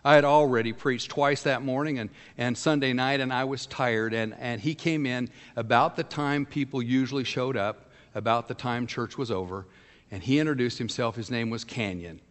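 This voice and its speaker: A man preaching as pastor at a medium pitch, telling a personal story in a plain, conversational way with frank asides. His voice rings out with the long reverb of a church hall. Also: normal speed. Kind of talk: sermon.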